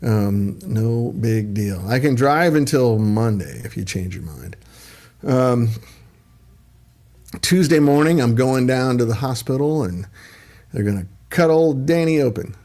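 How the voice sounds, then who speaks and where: Rambling, mellow-voiced man chatting on stream. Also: mid-range voice, expressive, measured pace. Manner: rambling, chatty, many ums and asides. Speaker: livestream host. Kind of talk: casual livestream chat.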